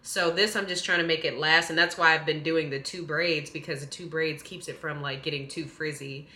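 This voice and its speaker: Chatty young woman telling a story. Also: fairly quick. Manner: chatty, animated storytelling, rising high when indignant. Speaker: vlogger. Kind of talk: casual storytime chat. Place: small studio apartment kitchen, indoors. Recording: echoey room.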